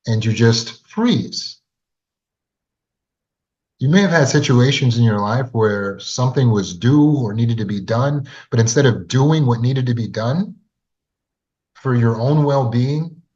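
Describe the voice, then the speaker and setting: A man's voice: medium pitch, darkish tone. A man coaching on trauma recovery who tells a story and turns to the listener with earnest rhetorical questions, in a dull lo-fi recording. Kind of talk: storytelling lesson to camera. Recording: dull lo-fi sound.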